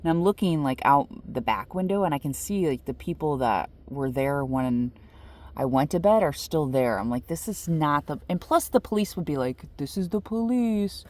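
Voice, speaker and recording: Low-voiced woman telling a story from her car. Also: normal speed. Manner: animated storyteller, lots of "like" and "you know". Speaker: vlogger living in her car. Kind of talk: casual storytelling to camera. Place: inside a car.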